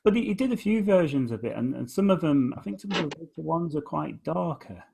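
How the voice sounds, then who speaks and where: A man talking through the form of a poem in a relaxed conversation, hesitant and full of restarts, slowing right down whenever he reads lines aloud. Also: fairly high pitch, creaky, background noise. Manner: hesitant, with many restarts, slows right down when reading verse aloud. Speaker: guest discussing poetry. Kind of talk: relaxed conversation, explaining verse.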